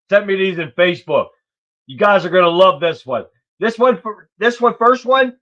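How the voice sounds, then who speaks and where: A man's voice: high-pitched, pushed and bright. A man hosting a political livestream show, talking in a blunt, rambling, profane way. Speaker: livestream talk show host. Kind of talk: casual political commentary. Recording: dull lo-fi stream audio.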